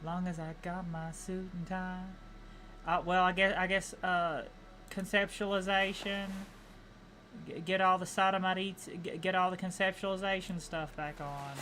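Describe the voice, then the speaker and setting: A woman's voice: fairly low pitch, flat delivery, a little slow, fairly bright tone, slight background noise. A woman streamer with an Appalachian accent chatting casually while gaming, rambling, repeating words and restarting her sentences.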